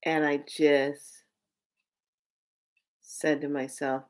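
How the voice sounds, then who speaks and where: A woman's voice: low voice, takes it slowly. A woman vlogger telling a personal story in a candid, emotional way, swearing freely.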